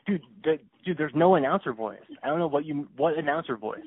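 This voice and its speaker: Excitable young man on a tinny phone call. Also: a little high, a little fast, husky. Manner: excitable, laughs often, stammers and restarts. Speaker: podcast host. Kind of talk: casual chat on a phone call.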